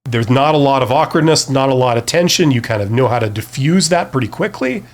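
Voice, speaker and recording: A man's voice: medium pitch, lively intonation, fairly quick. A man talking casually to camera with career advice, rambling and self-deprecating, full of fillers and restarts. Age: adult past his early twenties.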